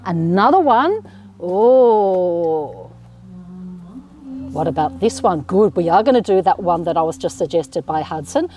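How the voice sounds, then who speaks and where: A woman's voice: on the low side, sing-song, a little fast, darkish tone. Sing-song Australian woman teaching kids yoga. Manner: sing-song, encouraging, playful animal sounds. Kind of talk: children's yoga class instruction.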